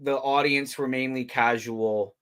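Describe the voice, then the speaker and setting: A man's voice: medium pitch, fairly even intonation, unhurried, fairly bright tone, clear, resonant tone. A man hosting a casual wrestling watch-along, chatting, laughing easily and sharing trivia. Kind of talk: casual chat.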